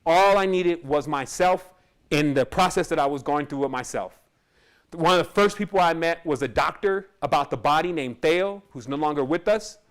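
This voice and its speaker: A man giving a casual storytelling monologue as a spiritual teacher, animated and acting out the voices of people he quotes. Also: on the high side. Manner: animated, acts out quoted dialogue. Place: Costa Rica.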